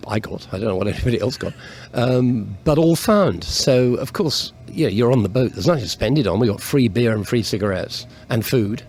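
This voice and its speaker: A man, now a politician and once an actor turned DJ, recalling his time on the ship in a measured, wry way. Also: medium pitch, animated, darkish tone, soft background music. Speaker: politician and former DJ. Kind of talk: reminiscing interview.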